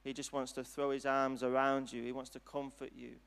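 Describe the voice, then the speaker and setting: A man preaching a sermon and altar call in a church hall, speaking in an earnest, gentle, unhurried way. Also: medium pitch, flat delivery, creaky, clear, resonant tone. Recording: long hall reverb.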